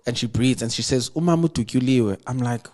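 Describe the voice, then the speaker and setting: A man's voice: mid-range voice, completely flat delivery, a little slow. A young South African man, a podcast guest, earnestly telling a personal story in conversation. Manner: earnest, reflective retelling with emotional weight.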